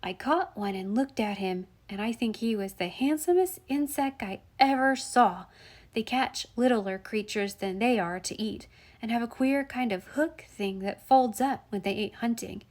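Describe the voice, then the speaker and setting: Lady reading as an earnest small boy, eager and chatty, a bit higher. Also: animated, unhurried, darkish tone. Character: earnest young boy telling about insects. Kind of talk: audiobook reading.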